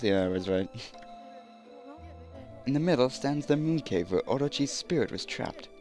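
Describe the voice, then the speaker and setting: A man's voice: medium pitch, darkish tone, natural voice. A man doing a smug, theatrical swordsman. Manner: theatrical, sprinkles French phrases. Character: flamboyant young male swordsman prophet, smug.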